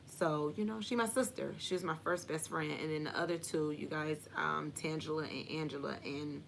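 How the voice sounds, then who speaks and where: A woman's voice: low-pitched, steady tone, moderate pace, vocal fry, fairly bright tone, a little hiss or hum. A young adult woman hosting a live question-and-answer stream, talking candidly and casually, full of slang and "like". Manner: candid and chatty, with frequent "like" and slang. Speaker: host of a live Q&A.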